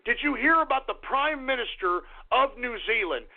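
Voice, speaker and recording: A radio host on an angry, crude rant. His voice is very high and gravelly. The sound is thin and tinny, like a phone line. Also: lively intonation, normal speed, hardly any pauses. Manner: angry, crude, insulting ranting. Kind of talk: ranting talk radio monologue.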